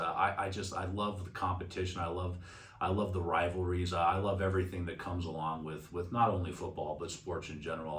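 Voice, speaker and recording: Low-voiced man telling stories in a roomy space. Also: distant mic. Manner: conversational storytelling with restarts. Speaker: financial advisor. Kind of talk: casual market commentary.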